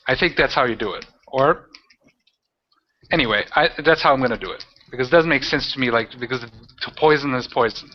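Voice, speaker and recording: A man narrating as game master of a tabletop role-playing game, talking in halting, rambling bursts with many restarts. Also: mid-range voice, a little hiss or hum. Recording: dull lo-fi audio.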